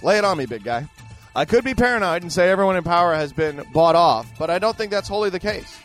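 A man hosting a show rants casually as he answers listener letters, rambling and emphatic, full of fillers and restarts. His voice is fairly high-pitched with a fairly bright tone.

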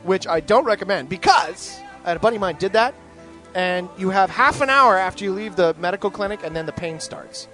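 A man telling a story in a casual chat, animated and profane, with vocal sound effects. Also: high-pitched, brisk, faint music behind.

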